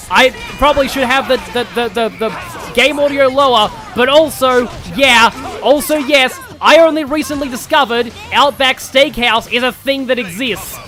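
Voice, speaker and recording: Aussie guy streaming a game, over the top shouty ad-man voice, really high and sharp. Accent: Australian. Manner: loud over-the-top shouty pitchman voice kept up as a bit. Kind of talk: gameplay livestream commentary.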